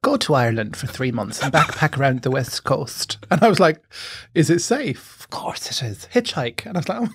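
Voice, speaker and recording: A man's voice: medium pitch, no room sound, studio quality. A young adult man from England, a comedian guest telling stories in a cheeky, laughing, casual way. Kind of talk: casual interview chat.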